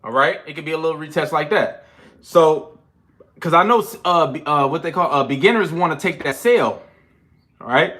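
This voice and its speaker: A young man talks through a casual trading livestream, loose and slangy. He sounds winded, and his voice sits a bit high with a bright, forceful edge. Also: moderate pace. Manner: loose, slangy and animated, counting push-ups between chart talk. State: out of breath. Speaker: trading channel host.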